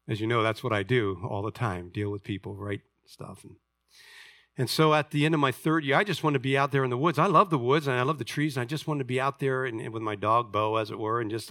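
A man in his sixties, a pastor, preaching a sermon and telling personal stories, moving between loud emphatic reading and quiet confiding asides. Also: mid-range voice, fairly quick, dry recording, studio quality. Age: 60s.

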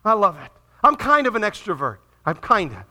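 A man pastor preaching a sermon in a church, swinging between loud emphatic peaks and quiet, hushed appeals. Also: high voice, wildly swooping pitch, a little fast. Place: church sanctuary.

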